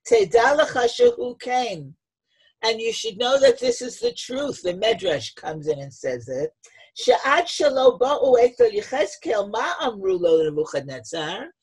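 A woman's voice: a little high, very animated, measured pace, vocal fry, darkish tone, slightly rough. A woman teaching a text-study lesson, reading each source phrase and then explaining it, retelling scenes with dramatic emphasis. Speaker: Torah teacher.

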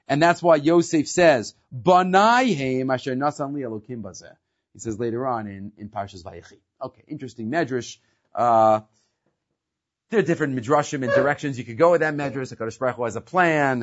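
An animated man teaching a Torah class, his pitch swinging up and down as he quotes and explains. He reads quickly and follows with casual, questioning asides. The recording sounds dull and lo-fi. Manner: animated, mixes quick Hebrew quoting with casual English asides.

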